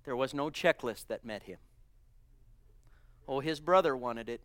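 A man's voice: mid-range voice, measured pace, fairly bright tone, no room sound. A man preaching a sermon with fervor, often breaking into "oh" and "hallelujah". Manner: fervent, exclaiming "oh" and "hallelujah".

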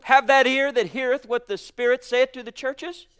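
A man preaching a sermon with fervor, swinging between booming exclamations and hushed murmurs, calling his listeners honey and sweetheart. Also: steady tone, moderate pace, smooth.

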